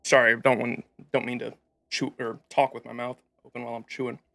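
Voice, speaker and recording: Bright-voiced man chatting on a game stream. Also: mid-range voice, level tone, fast, gravelly. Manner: rambling, chatty, reads game text aloud with restarts. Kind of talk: casual livestream commentary and lore reading.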